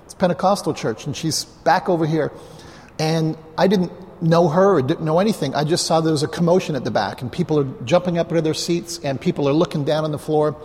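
A man's voice: a little high, brisk, darkish tone. Pastor man preaching in an echoing hall. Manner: conversational, anecdotal, with asides to the congregation. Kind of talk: storytelling sermon. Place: church hall, live before a congregation. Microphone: clip-on mic. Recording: long reverb of a large hall.

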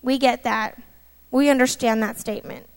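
A woman with a bright, high voice preaches a personal testimony. She speaks in an emphatic, conversational way and keeps turning to her listeners with asides. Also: fairly even intonation, normal speed, clean tone, long reverb tail.

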